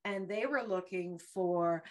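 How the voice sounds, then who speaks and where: Lively woman hosting a motivational show. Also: on the low side, takes it slowly. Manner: animated, laughing storyteller. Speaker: host. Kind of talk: motivational talk show monologue.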